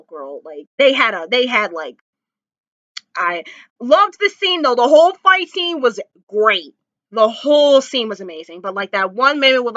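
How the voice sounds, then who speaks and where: A woman vlogger chats casually from her floor at home, gushing and rambling with lots of filler words. Her voice sits a little high, and the sound is dry and slightly dull. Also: bright, forceful tone, no room sound. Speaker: vlogger reviewing a TV episode. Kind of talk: casual chat.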